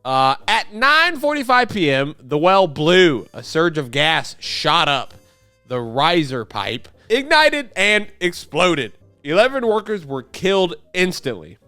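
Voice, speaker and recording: A man's voice: a little high, sing-song, slow, bright, forceful tone, smooth, dry recording, faint music behind. A young man hosting a video, reading a script aloud and breaking off for sarcastic jokes and chats with his dog. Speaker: YouTube host. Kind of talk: reading a script with joking asides.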